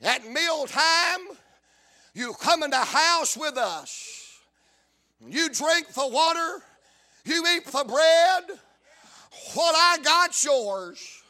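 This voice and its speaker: A man's voice: extremely high pitch, lively intonation, drawn-out words, pauses often, sharp tone, full character voice. A man with a South Carolina accent voicing a kindly older landowner who speaks a solemn, generous blessing to a stranger.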